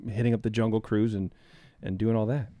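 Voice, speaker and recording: A man's voice: on the low side, level tone, fairly quick, dark tone, dry recording. A man hosting a podcast interview, talking casually and rambling, with frequent restarts and repeated words. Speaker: podcast host.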